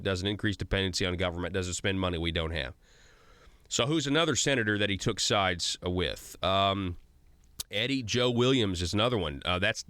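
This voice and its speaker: A man's voice: lowish voice, a bit bright, clean tone, no echo. A man hosting a political talk radio show, reading through a ranking list and commenting in a conversational way with frequent fillers and restarts.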